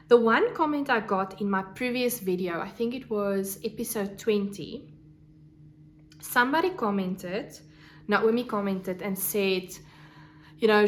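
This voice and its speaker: A woman hosting a casual crafting podcast, gushing over her things and sometimes dropping to a soft whisper. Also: mid-range voice, a little hiss or hum. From South Africa. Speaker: podcast host. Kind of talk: casual show-and-tell chat.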